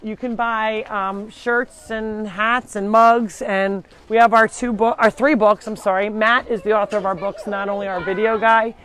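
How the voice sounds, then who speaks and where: A woman's voice: mid-range voice, steady tone, moderate pace, few pauses, a bit bright. A woman hosting a live farm sanctuary tour, chatting to viewers and calling to the animals as she walks around the farm. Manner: chatty, talks to the animals while touring. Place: farm, walking between buildings.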